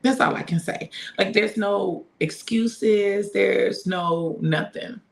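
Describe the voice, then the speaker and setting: A woman's voice: mid-range voice, slow pace, creaky. A middle-aged woman giving a casual spiritual talk to her listeners, repeating phrases for emphasis and speaking to them directly. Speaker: minister sharing a devotional.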